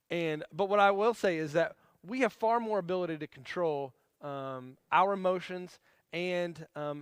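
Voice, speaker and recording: A man's voice: on the high side, a bit bright, clean tone, no echo, studio quality. A man in his forties teaching a marriage class in a casual, conversational way, acting out everyday scenes. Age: 40s.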